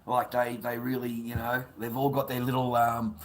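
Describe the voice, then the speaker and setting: A man's voice: mid-range voice, completely flat delivery, normal speed, slight background noise. A middle-aged man ranting crudely on a livestream, rambling, swearing and laughing. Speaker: livestream host. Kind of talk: ranting casual livestream chat.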